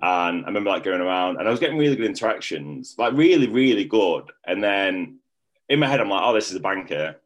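A man's voice: sits low, animated, fast talker. A young man telling a personal story in a rambling, casual way, full of filler words.

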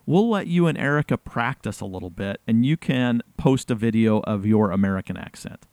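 A man's voice: medium pitch, lively intonation, fairly quick, a little mellow, no room sound. A man hosting a podcast, teasing his guest in casual chat, laughing often and restarting his sentences. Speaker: podcast host.

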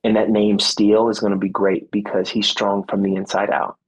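A husky, lowish male voice speaks briskly on a low-quality recording. He's a former football player and motivational speaker appearing as a podcast guest, telling stories earnestly and with animation, acting out quotes, and reflecting from a faith-centered perspective.

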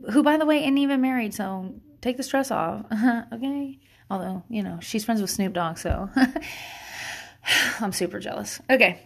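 In a mid-range voice, a woman talks as a mom offering parenting tips, delivering a relaxed monologue. Her style is frank and profane, full of laughter and wandering asides.

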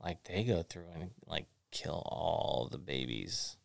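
A man hosting a casual chat, telling a long family story in a rambling, animated way with many fillers. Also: a bass voice, slow pace, gravelly, no echo. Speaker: podcast host.

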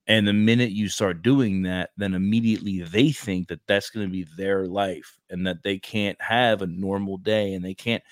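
A young man from Brooklyn with a lowish voice, talking in a slangy, animated way. He hosts a casual podcast chat and keeps dropping "bro". The sound is close and dry, with no room around it. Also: normal speed, few pauses, dry recording. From Brooklyn, New York. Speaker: podcast host, recruiter.

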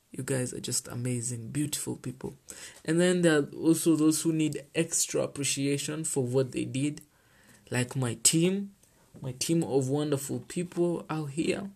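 A teenage Kenyan boy with a Kenyan accent and a husky, breathy edge to his mid-pitched voice hosts his own show. He chats loosely and warmly with his listeners, slipping Swahili slang into his English. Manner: chatty, mixes in Swahili slang, heartfelt. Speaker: host. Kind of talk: casual solo podcast chat.

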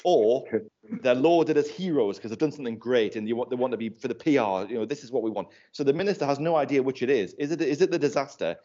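A man's voice: mid-range voice, fast talker, mellow. A man in a casual panel chat, talking loosely and laughing while he tells anecdotes. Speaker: panel guest. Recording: dull lo-fi sound.

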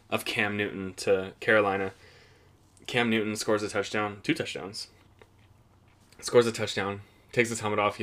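Profane rambling young man, slightly low voice. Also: sharp tone. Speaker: podcast host. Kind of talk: casual solo football podcast recap.

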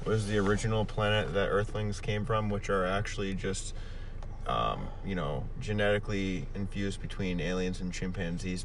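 A man's voice: sits low, far from the mic, slight background noise. A man co-hosting an improvised comedy podcast, tossing in wry quips and rambling conspiracy theories. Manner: spacey, rambling conspiracy talk, wry interjections. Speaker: podcast co-host.

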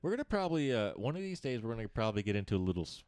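A laid-back podcast co-host speaks in a lowish, sing-song, slightly mellow voice at a rapid-fire clip. The recording is clean, dry, and studio quality, and his casual chat rambles along with lots of fillers.

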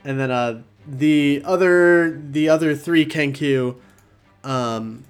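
Slow-paced man running the game. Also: a little high, smooth, faint music behind. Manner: calm, unhurried scene narration with chuckles. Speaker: game master. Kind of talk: narrating a tabletop game.

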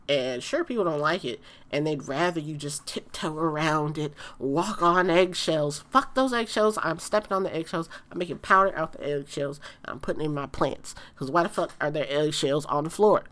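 Woman ranting to camera, blunt and sweary, bright punchy voice, repeats herself for emphasis. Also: deep voice. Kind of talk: casual ranting monologue.

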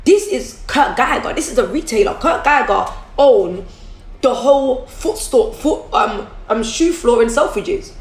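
A woman speaks openly to her viewers about her business, calling them guys and circling back over her words. Her voice sits a little high. The room around her is echoey. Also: animated, unhurried. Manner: candid, repeats and restarts, addresses viewers as guys. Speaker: business owner vlogger. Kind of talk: casual motivational talk to camera. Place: room at home.

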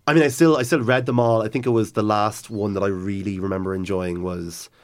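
A man's voice: fairly low pitch, steady tone, fairly quick. A man in casual chat, enthusiastically retelling a novel's story with lots of restarts and asides. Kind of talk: casual chat about books.

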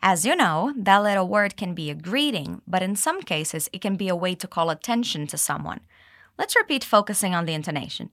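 A woman teaching English, explaining dialogue lines and modeling them slowly for learners to repeat. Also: fairly low pitch, very animated, fairly bright tone, dry recording, clean studio sound. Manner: clear, slow modeling of phrases with exaggerated intonation. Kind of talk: English lesson with repeat-after-me drills.

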